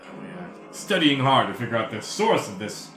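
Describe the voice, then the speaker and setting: A man's voice: mid-range voice, sing-song, reverberant, music in the background, natural voice. Man voicing a courtly devil explorer. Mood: genteel. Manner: polite, drawn-out formal speech. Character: courteous male spine devil explorer, genteel.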